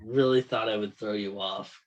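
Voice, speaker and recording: A man's voice: on the low side, steady tone, moderate pace. A seventeen-year-old boy co-hosting a casual podcast, goofy and playful. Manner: goofy, playful mock voices. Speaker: podcast co-host. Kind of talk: casual chat. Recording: dull lo-fi home recording.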